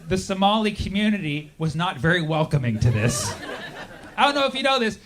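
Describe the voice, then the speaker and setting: A young man doing a stand-up comedy set, sarcastic, jumping into quick acted-out voices. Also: high voice, a bit bright, slight background noise. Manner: sarcastic, acts out characters in quick bursts. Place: comedy stage with a laughing audience.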